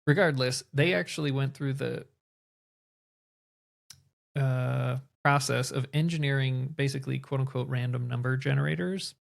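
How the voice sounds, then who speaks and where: Male podcast co-host, level gravelly delivery, thoughtful explainer. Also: medium pitch, steady tone, moderate pace. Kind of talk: casual podcast conversation.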